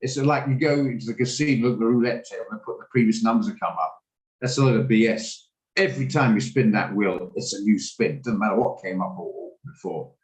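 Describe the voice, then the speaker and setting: A man's voice: fairly low pitch, fairly quick, roomy sound, poor audio. A man hosting a live trading session, chatting and thinking aloud as he works through charts. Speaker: trading room host. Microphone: video call.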